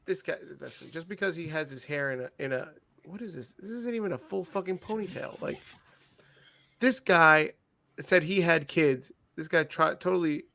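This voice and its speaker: A man with a slightly higher voice co-hosts a casual wrestling review chat. He jokes and swears freely, and his mock outrage runs through the talk. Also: moderate pace, gravelly, bright, forceful tone. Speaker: podcast co-host.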